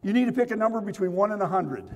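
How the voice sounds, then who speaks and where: A fairly high-voiced man leads a lively seminar, joking with volunteers and calling out to the crowd. His voice carries a long hall reverb. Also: very fast. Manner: playful, teasing, call-and-response with the crowd. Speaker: motivational speaker and magician. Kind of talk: energetic seminar talk with audience participation. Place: large hall with audience.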